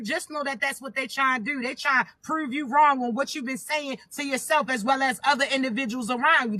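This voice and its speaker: A woman's voice: high voice, sharp tone. A woman giving a casual spiritual reading to her viewers, emphatic and preachy, firing rhetorical questions and swearing freely. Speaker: spiritual reader addressing viewers.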